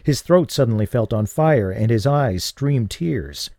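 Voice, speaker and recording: A man narrating a novel in a steady, even storytelling voice. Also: medium pitch, unhurried, dry recording, clean studio sound. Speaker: audiobook narrator. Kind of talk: scripted narration.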